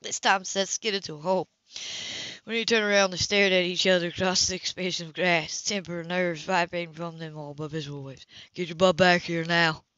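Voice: mid-range voice, steady tone, normal speed, bright, forceful tone, dry recording. An amateur audiobook reader who stumbles over words and chuckles at the text while reading, in a dull lo-fi recording.

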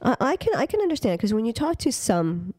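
A woman co-hosting a podcast in casual chat, playful and quick to laugh. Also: fairly high pitch, big pitch swings, darkish tone. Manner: laughing, playful back-and-forth. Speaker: podcast co-host.

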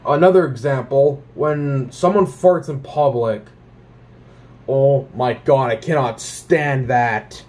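A young Canadian man, a vlogger, speaks slowly in a mid-range voice as he casually rants about things he hates. His delivery is profane and animated, with frequent swearing and lots of "like" and "um."

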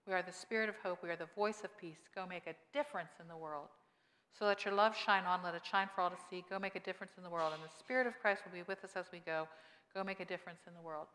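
A woman pastor giving a lively sermon, teasing her congregation with questions and urging them on. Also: fairly low pitch, fast. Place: church sanctuary. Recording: long church-hall reverb.

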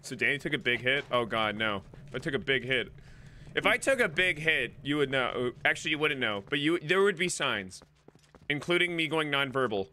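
A man's voice: medium pitch, lively intonation, normal speed, pushed and bright, slight background noise. A young man giving joking, irreverent commentary while playing a game, laughing often. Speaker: gaming streamer. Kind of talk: casual gameplay commentary.

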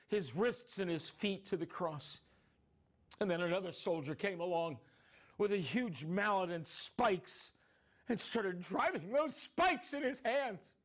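A man's voice: sits high, fairly bright tone. A man playing a grieving younger brother who tells, in a first-person dramatic monologue, how he watched his brother suffer, his telling rising into anguished cries. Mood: grief-stricken. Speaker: dramatic storyteller.

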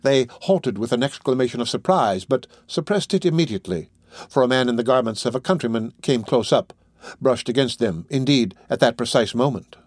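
A man narrating a classic novel as an audiobook in a steady, even storytelling manner. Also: medium pitch, fairly quick, no room sound, clean studio sound. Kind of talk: scripted narration.

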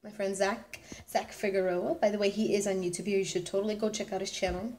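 A woman's voice: medium pitch, little pitch movement, fast talker, darkish tone, slight background noise. A nineteen-year-old woman chatting casually in a vlog, bubbly and rambling, often restarting her sentences. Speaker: vlogger.

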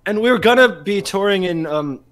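A man's voice: high voice, animated, a little fast, a bit bright. A young man, a musician guest, chatting casually on a podcast, rambling, filling every phrase with "like", swearing and laughing often.

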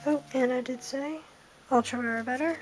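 High-voiced young woman unboxing trading cards. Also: moderate pace, over music, rough recording. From United Kingdom. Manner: murmurs card names in a soft running list, with small excited reactions. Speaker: card-opening vlogger. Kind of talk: casual card-opening commentary.

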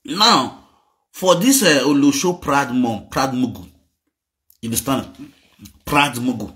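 A man's voice: medium pitch, expressive, slow pace, pauses often, a bit bright. A man with a Nigerian Pidgin accent, chatting playfully and mocking in a sing-song way. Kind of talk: casual gossip chat.

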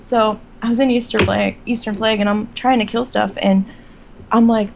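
A woman's voice: mid-range voice, normal speed, gravelly, a little hiss or hum. A woman, a guest on a chat podcast, telling stories with laughter and acting out what she thought. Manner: lively, laughing, acts out her own thoughts. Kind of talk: casual storytelling chat.

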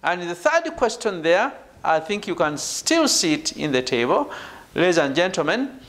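Lively high-pitched male lecturer. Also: normal speed. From Uganda. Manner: repeats "ladies and gentlemen" and "right?", emphatic stresses on key words. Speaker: university lecturer. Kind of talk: online PhD seminar lecture.

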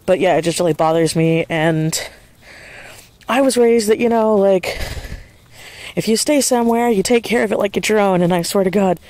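Soft-spoken rambling woman vlogger. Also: mid-range voice, normal speed, pauses often, dry recording. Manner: rambling, swears casually; soft hushed voice late at night. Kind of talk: casual vlog chat. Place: outdoors at night walking a dog.

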